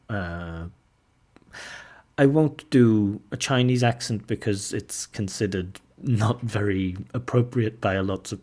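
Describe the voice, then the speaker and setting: A man teaching an exam speaking lesson in a relaxed, self-deprecating way, modelling example sentences. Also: lowish voice, husky. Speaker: IELTS examiner and teacher. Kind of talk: casual video lesson.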